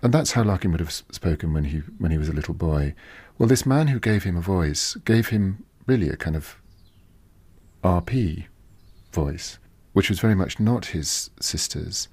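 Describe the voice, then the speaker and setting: A man with a very low, husky voice speaks as a biographer, musing and thinking aloud with small restarts. The sound is close and dry. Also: expressive, normal speed, a little mellow, no room sound. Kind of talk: interview commentary.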